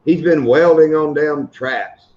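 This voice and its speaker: A middle-aged man hosting a fishing channel live stream chats casually and tells funny stories, laughing at his own tales. His voice is fairly high and a little slow, with lo-fi sound.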